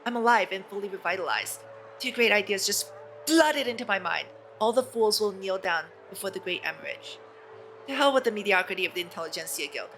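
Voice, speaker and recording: A woman's voice: mid-range voice, expressive, brisk, a bit bright, faint music behind. A woman reading aloud the lines of a boastful, paranoid male inventor from a game, in a pompous, self-important manner. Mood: grandiose.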